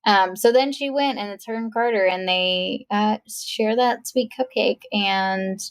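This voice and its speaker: As a podcast co-host, a woman recaps a movie in casual chat, telling it with animated storytelling and acting out characters' quotes in playful voices. Her voice is mid-range and her pace measured.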